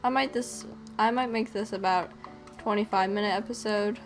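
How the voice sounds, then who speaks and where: A woman's voice: mid-range voice, steady tone, normal speed, music in the background. A young woman chatting playfully while playing a video game, greeting the animals she meets. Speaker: gamer. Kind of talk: casual game commentary.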